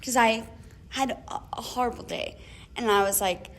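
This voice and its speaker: A young woman co-hosting a casual chat podcast, telling an animated story with lots of laughs and acted-out emails. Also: a little high, moderate pace, slight background noise. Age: young adult. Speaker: podcast co-host.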